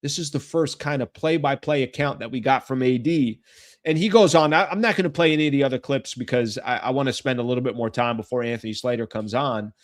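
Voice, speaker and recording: A man hosting a sports talk show, speaking at a medium pitch. He talks in a loose, chatty way, thinking aloud and catching himself mid-sentence before steering back to the point. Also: fast talker. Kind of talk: casual basketball commentary.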